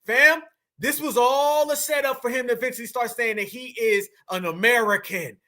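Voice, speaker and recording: A man hosting a reaction commentary channel mocks the people in the clips, mimicking them and calling his viewers "fam." His voice is very high-pitched and sharp, at normal speed.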